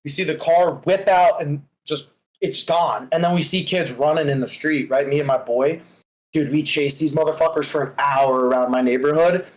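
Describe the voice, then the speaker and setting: A man's voice: a little high, fairly even intonation, normal speed, low-quality recording. A young man, a guest on a live stream, telling a story in rambling, profane casual chat. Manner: rambling, profane, laid-back.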